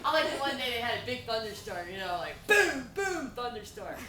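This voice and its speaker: A woman's voice: a little high, fast talker. Rambling woman telling stand-up stories. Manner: rambling, laughing through her stories. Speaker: stand-up comedian. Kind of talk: stand-up storytelling. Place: event venue. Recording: echoey room, far from mic, loud noise.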